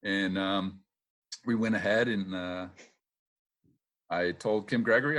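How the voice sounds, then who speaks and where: A middle-aged man with a fairly low voice spins casual stories from his racing days. He mimics the people in them, laughs readily, and peppers his talk with "uh" and "um.". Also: takes it slowly, pauses often. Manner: lively anecdotes, acts out quotes, laughs often; filler-heavy with "uh" and "um". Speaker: retired boat racer, guest. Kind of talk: casual storytelling interview.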